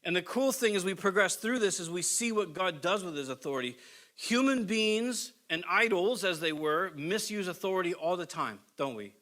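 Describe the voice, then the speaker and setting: A man's voice: high-pitched, animated, normal speed, pushed and bright. A middle-aged male pastor preaching a sermon in a conversational, storytelling way, acting out the quotes he tells.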